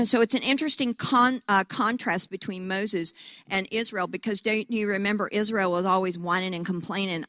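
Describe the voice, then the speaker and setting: A woman preaching a sermon who tells stories in an animated way, acts out quotes, and often repeats words as she goes. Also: mid-range voice, moderate pace, dry recording, clean studio sound.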